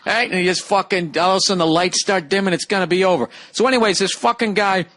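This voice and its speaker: Man, solo podcast host, swearing, sarcastic ranting, slightly raised pitch, hotel room recording. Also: steady tone, fast talker, fairly bright tone. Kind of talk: solo podcast monologue reading listener mail. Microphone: single microphone.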